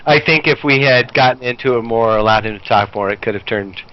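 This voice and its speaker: A man's voice: mid-range voice, fast talker. A man on a podcast explaining an idea casually, restarting his sentences often. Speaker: podcast panelist. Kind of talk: casual discussion. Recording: dull lo-fi audio.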